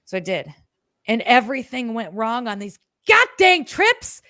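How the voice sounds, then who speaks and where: A woman co-hosting a podcast, telling a story in a casual, animated way, swearing freely and acting out her own words. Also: on the high side, unhurried, no room sound, studio quality. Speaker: podcast co-host.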